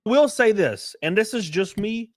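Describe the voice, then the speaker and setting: A man's voice: high-pitched, lively intonation, unhurried, dry recording, studio quality. A man talking as a YouTuber in a commentary clip, with a dismissive, offhand manner.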